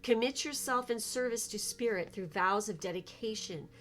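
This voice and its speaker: A woman's voice: fairly high pitch, moderate pace, a bit bright. An effusive young woman reads tarot cards for viewers, her talk loose and heartfelt. She swears casually and keeps reacting to the cards as she goes. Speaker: tarot reader.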